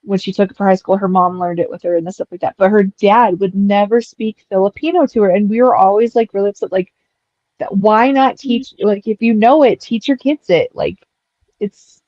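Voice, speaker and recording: Woman host, easygoing storyteller, warm low-key voice, dull dry home mic. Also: moderate pace, no echo. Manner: chatty storyteller, acts out voices in her anecdotes. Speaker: stream host. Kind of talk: casual chat.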